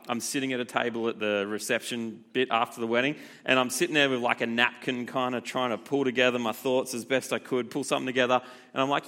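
A man in his thirties preaching a youth sermon, a lively self-deprecating storyteller who acts out the quotes in his stories. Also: mid-range voice, quick pace. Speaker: youth pastor.

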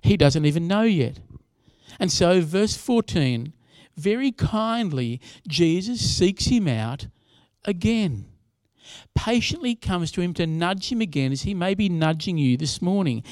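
A man's voice: high voice, animated, unhurried, darkish tone, no echo. A younger man preaching a sermon in a conversational way, with asides to the congregation. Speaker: pastor.

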